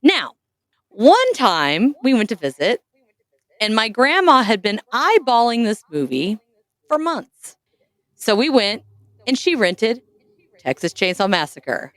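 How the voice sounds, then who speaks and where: A woman hosting a casual podcast, telling stories with animated, self-mocking energy. Her pitch leaps and falls with the story. She sits close to a dry, dead-sounding mic. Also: slow pace, pauses often, dry recording. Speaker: podcast host.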